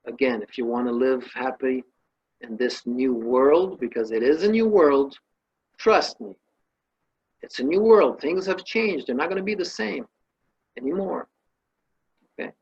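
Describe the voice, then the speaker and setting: Husky man teaching, lo-fi sound. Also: medium pitch, unhurried, pauses often, darkish tone. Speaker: spiritual teacher. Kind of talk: talk on consciousness with a parable.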